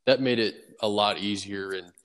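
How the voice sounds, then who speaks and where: A young man talks through his answers in an unhurried, casual way, dotted with fillers and restarts. His voice sits fairly low, and a long reverb hangs behind it, as if he were speaking in a large, echoing room. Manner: relaxed, easygoing storytelling with many fillers. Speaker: guest baseball player.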